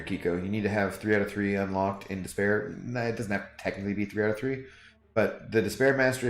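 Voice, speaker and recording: A man streaming a game, chatting casually to his viewers in a rambling way with frequent fillers. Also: lowish voice. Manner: rambling, talks to chat with fillers. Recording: echoey room, faint music.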